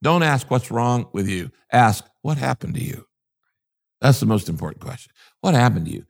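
A man's voice: medium pitch, big pitch swings, brisk, vocal fry. An older man, a pastor from the United States, talking in an interview in an emphatic, preacherly way and repeating his key phrases. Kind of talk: interview conversation.

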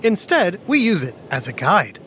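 A woman hosting a playful kids' educational podcast, talking like an animated storyteller. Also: on the low side, moderate pace, background noise. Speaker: host.

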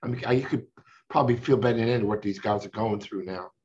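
A man's voice: fairly low pitch, a little fast, a little mellow. Host: man, sports interviewer, chatty and fan-like, dull slightly muffled audio. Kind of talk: casual interview questions.

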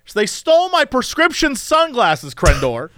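A man telling a story in casual chat, animated and exasperated, swearing now and then. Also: very high-pitched, moderate pace, no room sound, clean studio sound. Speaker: podcast host telling a story.

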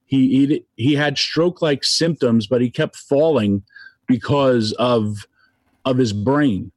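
A tearful man giving an emotional tribute, halting and restarting as his voice catches. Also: medium pitch, no echo. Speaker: guest speaker.

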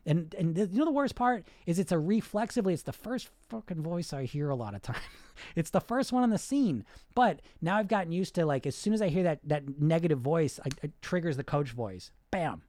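A man's voice: fairly high pitch, expressive, fairly quick, a little mellow, dry recording, clean studio sound. A man coaching on weight loss in a live podcast monologue, blunt and profane, acting out the inner voices he talks about.

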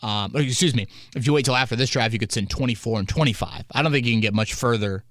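A man's voice: medium pitch, fast talker, fairly bright tone, no room sound. A man hosting a sports podcast in a casual, rambling way, spinning hypotheticals. He is recorded on a close, dry mic. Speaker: podcast host.

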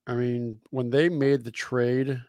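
A laid-back man chatting as a podcast guest, laughing easily and swearing casually. His voice sits at an ordinary middle pitch. The sound is dry and close. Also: little pitch movement, slow pace, darkish tone, no echo. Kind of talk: casual chat.

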